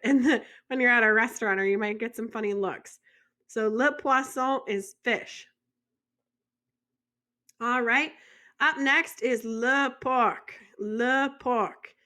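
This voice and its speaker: Woman, American, French teacher, bright tone, unhurried delivery, chatty explanations. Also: a little high. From United States. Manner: chatty, explains with jokes and questions to the viewer. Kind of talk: vocabulary lesson.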